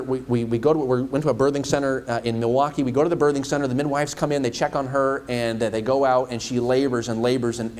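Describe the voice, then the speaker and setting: A young man preaching as an evangelist, telling a personal story in a conversational, self-deprecating way, rushing some phrases and slowing for emphasis. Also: mid-range voice, darkish tone. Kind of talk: sermon.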